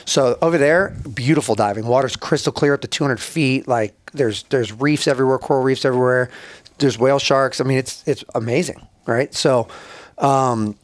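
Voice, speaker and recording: A man's voice: mid-range voice, normal speed, no echo. A young man telling war stories as a podcast guest, swearing freely, laughing often and acting out voices as he goes. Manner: profane, laughing, acts out voices in his stories. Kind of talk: casual storytelling.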